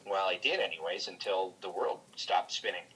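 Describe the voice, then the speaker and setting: A man's voice: low-pitched, fairly bright tone, breathy edge, poor audio. A man, a guest comedian, talking candidly in casual chat, swearing freely and restarting his sentences often. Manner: candid, profane, halting with many restarts. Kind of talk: casual chat over a call.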